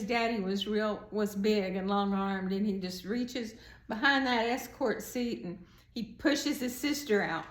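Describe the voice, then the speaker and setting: A middle-aged woman telling a personal story as a prison art teacher, animated, raising her voice when she acts out what people said. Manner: animated, acts out quotes with raised pitch. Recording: echoey room.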